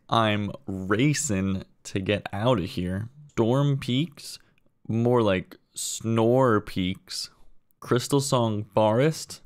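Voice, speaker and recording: A young man delivering a deadpan list of comedy puns, drawn out slowly with quick mumbled asides. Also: fairly low pitch. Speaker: comedy video creator.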